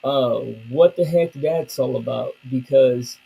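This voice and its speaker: Slow, gravelly male streamer. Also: mid-range voice, mellow, rough recording. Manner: loose, slangy and rambling, talking to chat. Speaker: live streamer. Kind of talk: casual chat.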